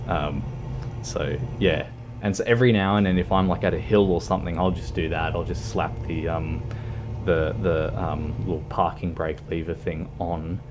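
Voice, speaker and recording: A man chatting casually with his livestream viewers while playing a game, talking in a rambling, halting way. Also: deep voice, a little mellow, a little hiss or hum. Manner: rambling, halting, talks to chat.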